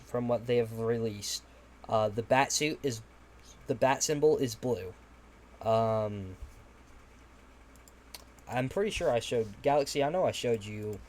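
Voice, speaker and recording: A young man hosting a casual podcast, rambling with lots of fillers and offhand swearing. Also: medium pitch. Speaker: podcast host.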